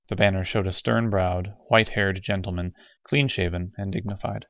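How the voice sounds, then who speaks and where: A male narrator with a low voice reads the story in steady, measured scripted narration. The recording is dull with a narrow band and dry with no room sound. Every line comes out even and deliberate. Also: vocal fry, dry recording. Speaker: audiobook narrator.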